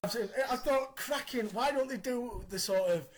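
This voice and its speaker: A man in his thirties hosting a casual podcast, recapping in an animated, opinionated way. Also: very high voice, unhurried, loud music behind the voice. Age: 30s. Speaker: podcast host.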